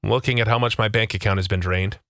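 A man's voice: on the low side, fairly even intonation, a bit bright, dry recording, clean studio sound. A man co-hosting a radio show, reading out listener messages and joking with his co-host. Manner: jokey, quick to laugh.

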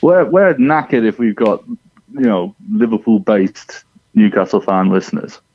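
A man's voice: on the low side, animated, a little slow, a little mellow, dry recording. Blunt man, slightly dull sound. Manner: blunt, sweary. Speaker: podcast co-host. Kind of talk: casual chat.

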